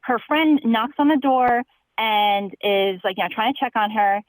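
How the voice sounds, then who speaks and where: A young woman calling in to a podcast, telling a long story in an animated, chatty way with plenty of fillers. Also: a little high, measured pace, no echo, rough recording. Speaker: caller. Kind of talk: casual storytelling.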